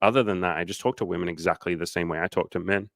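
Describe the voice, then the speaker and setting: A man's voice: deep voice, racing, creaky, no echo. A man working as a dating coach, answering questions on a casual livestream in a candid, loose way, swearing freely and using lots of fillers.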